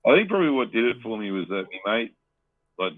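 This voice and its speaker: A man's voice: fairly low pitch, fast. A man co-hosting a podcast, chatting casually and rambling, with frequent swearing. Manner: swears a lot, rambling, animated. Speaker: podcast co-host. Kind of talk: casual chat. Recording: tinny dry phone-like line.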